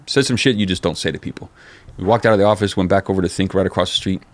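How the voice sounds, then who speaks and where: A middle-aged man telling stories in a casual interview, animated and profane, full of "dude" and "man.". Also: deep voice, rapid-fire. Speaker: interview guest, former skateboard company manager.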